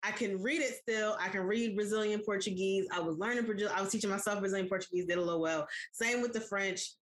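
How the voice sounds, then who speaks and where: A woman's voice: mid-range voice, quick pace. A woman co-hosting a podcast in casual chat, talking straight to her listeners. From United States. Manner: chatty, addresses listeners directly. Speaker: podcast co-host.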